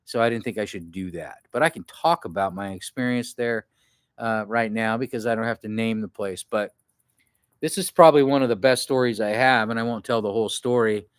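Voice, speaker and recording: A man vlogging to camera, telling a rambling, profane camping story in a casual way and acting out what other people shouted. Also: fairly low pitch, a little fast, clean tone, dry recording, clean studio sound. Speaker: outdoor adventure vlogger.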